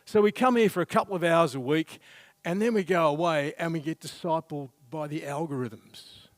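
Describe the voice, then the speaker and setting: A man's voice: fairly high pitch, normal speed, no echo. A middle-aged man preaching a sermon in a church, telling a funny family story in a chatty, self-deprecating way. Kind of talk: sermon with humorous anecdote.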